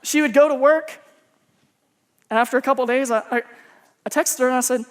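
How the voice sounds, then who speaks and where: A man's voice: very high voice, fairly quick, clear, resonant tone. Joking, chatty male preacher. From Texas. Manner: humorous, conversational, self-mocking. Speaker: pastor. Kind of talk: sermon with personal storytelling.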